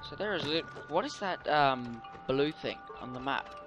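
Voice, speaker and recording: A man's voice: fairly high pitch, expressive, moderate pace, muffled recording, music in the background. A man giving casual, rambling commentary while playing a video game. He often gets tongue-tied and swears offhandedly. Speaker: let's play gamer.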